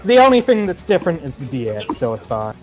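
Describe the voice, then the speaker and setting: A man's voice: a little high, sing-song, quick pace. Young guy player, kinda hesitant, lots of uhs, faint music under. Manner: hesitant, filler-heavy. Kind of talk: casual tabletop play.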